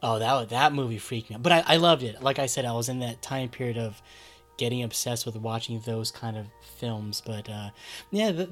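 A man's voice: mid-range voice, moderate pace, fairly bright tone, soft background music. A man in his forties co-hosting a casual movie chat, eager and tripping over his words as he restarts. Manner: enthusiastic, stumbling restarts.

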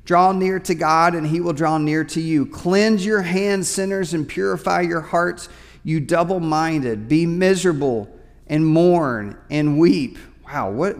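A man's voice: fairly high pitch, gravelly, big-room sound. A man preaching a sermon as pastor, talking conversationally and often repeating his words mid-sentence. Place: church sanctuary.

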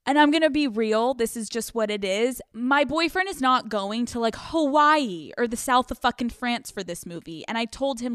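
A woman's voice: a little high, animated, normal speed, hardly any pauses, fairly bright tone, clear, resonant tone, no echo, studio quality. Candid, profane young woman podcaster. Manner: candid, profane, laughs often mid-sentence. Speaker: podcast host. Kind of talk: casual confessional podcast monologue.

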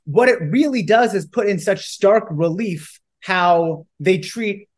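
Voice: mid-range voice, takes it slowly. Podcast cohost, chill book recap, reads quotes out then picks at them. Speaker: podcast co-host. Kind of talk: casual chat recapping a book.

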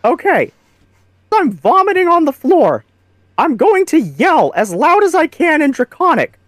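Female player, high bouncy voice, excitable. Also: unhurried, dry recording. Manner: excitable, laughing. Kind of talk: casual tabletop play.

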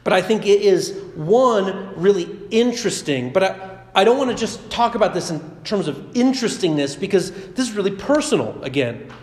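A man's voice: high-pitched, expressive, moderate pace. A man pastor giving a chatty, conversational sermon with personal stories. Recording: echoey hall reverb.

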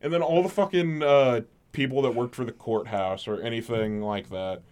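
Smooth-voiced man ranting in casual chat. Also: mid-range voice, moderate pace. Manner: profane, ranting, animated retelling with mimicked customers. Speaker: podcast co-host.

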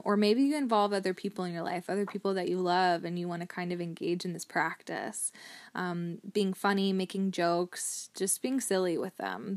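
A woman hosting a mindfulness podcast, talking in a gently encouraging way with the odd um. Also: medium pitch, no room sound. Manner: gently encouraging, with occasional ums. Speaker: podcast host.

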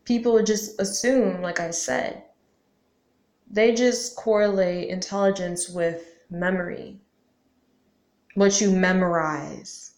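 A woman's voice: lowish voice, steady tone, slow pace, darkish tone. A young woman talking casually to camera as a vlogger, slangy and full of questions, often saying "like" and cursing now and then. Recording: roomy echo.

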